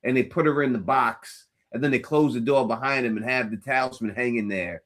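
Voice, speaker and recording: A man's voice: mid-range voice, a little fast, a bit bright. A man in a casual recap chat, earnestly spinning theories and repeating words as he thinks.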